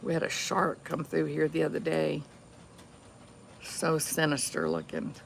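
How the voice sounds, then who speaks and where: A woman chatting casually to viewers in an unhurried way while filming a morning vlog outdoors by the water. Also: low-pitched, very animated, vocal fry, a little hiss or hum. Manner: chatty, unhurried, talks to viewers and to her dog. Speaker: vlogger.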